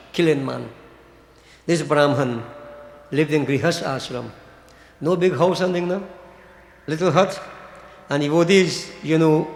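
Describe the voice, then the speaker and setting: A man's voice: fairly high pitch, slight background noise. An older man giving a religious discourse, addressing his listeners as devotees and tossing in rhetorical "hmm?" asides. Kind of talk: sermon. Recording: echoey hall with long reverb.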